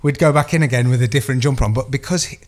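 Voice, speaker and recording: A man in his thirties co-hosting a podcast, telling a long rambling anecdote. His voice sits at a middling pitch, and he swears freely and wanders off on tangents in relaxed chat. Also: racing. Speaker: podcast co-host. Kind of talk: casual chat.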